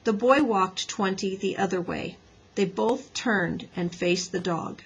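A woman teacher reading a children's book aloud in a lively storybook manner, slightly raspy. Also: mid-range voice, unhurried, poor audio.

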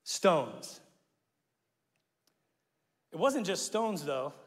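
A male pastor from Omaha preaching a sermon. He tells stories with self-mocking jokes and laughter, and he acts out quotes with sudden shouts. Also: on the high side, big pitch swings, extremely slow. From Omaha, Nebraska, USA. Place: church sanctuary. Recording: long reverb of a large hall.

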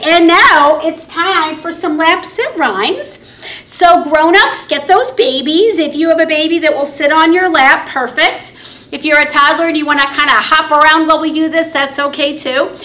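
A woman's voice: high voice, pushed and bright. A young woman leading a library baby storytime, singing songs and rhymes in a cheerful, encouraging way. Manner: sing-song, cheerful and encouraging toward little ones. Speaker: children's librarian. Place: library program room.

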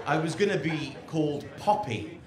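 A man's voice: on the high side, moderate pace. A man with a posh English accent doing a live stand-up set, sardonic, swerving between mutters and outbursts, on a handheld mic. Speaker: stand-up comedian. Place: open-air rooftop club stage with live audience. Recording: roomy live venue with loud crowd noise. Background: audience laughter.

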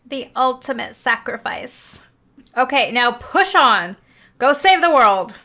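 Excitable woman reacting on camera. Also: sits high, slow pace, soft background music. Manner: excitable exclamations and running commentary. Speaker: reaction video host. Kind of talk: casual reaction commentary.

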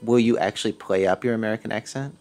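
Fairly low-voiced male radio host. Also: fast, darkish tone, dry recording, faint music behind. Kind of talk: scripted narration and interviewing.

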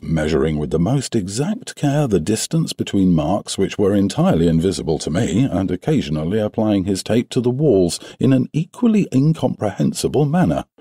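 A man reading a classic detective novel as an audiobook narrator, in a measured, expressive way. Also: on the low side, slightly rough, no echo, clean studio sound. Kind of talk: scripted narration.

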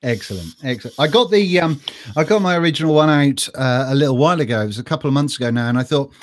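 A man's voice: medium pitch, animated, fast, no room sound, studio quality. A man hosting a casual interview, chatty and rambling with many fillers. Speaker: host.

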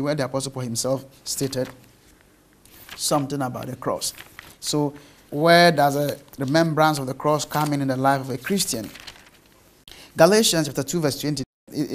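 A man preaching a sermon in an emphatic way, checking in with his listeners through rhetorical questions. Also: mid-range voice.

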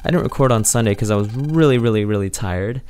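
A man's voice: fairly low pitch, fast, darkish tone, a little hiss or hum. A man hosting a let's play video, chatting over the game in a jokey, upbeat way. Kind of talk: game commentary.

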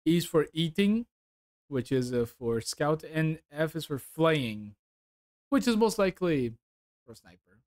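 A man giving casual, amused reaction commentary, with halting restarts. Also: fairly high pitch, sing-song, darkish tone. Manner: laid-back, amused, halting. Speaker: reaction video host.

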